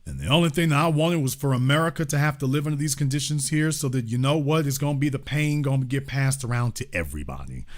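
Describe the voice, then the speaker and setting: A man from Louisiana hosting impassioned political commentary, emphatic and repetitive, dropping from loud to hushed. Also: mid-range voice. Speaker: host.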